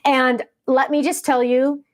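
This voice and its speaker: A woman's voice: high voice, little pitch movement, measured pace. A woman in her fifties hosting a casual craft livestream chat, rambling and easily sidetracked, with many ums.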